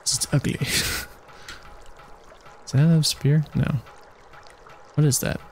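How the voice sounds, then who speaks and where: A man's voice: fairly high pitch, fairly even intonation, takes it slowly, slight background noise. A man giving casual, chatty commentary while playing a video game, talking to himself and to the creatures on screen. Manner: chatty self-talk, talks to game creatures, frequent laughs. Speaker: let's play gamer.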